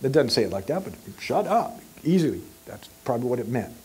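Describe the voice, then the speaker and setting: A man's voice: medium pitch, expressive, very fast, dark tone, breathy edge. A male pastor preaching an emphatic sermon who acts out scenes and questions the audience.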